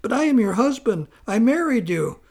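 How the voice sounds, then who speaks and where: A man's voice: high-pitched, normal speed, creaky, darkish tone, pitched above the performer's own voice. A man voicing a bewildered, earnest husband in a spoken story. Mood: perplexed. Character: meek, puzzled devout husband.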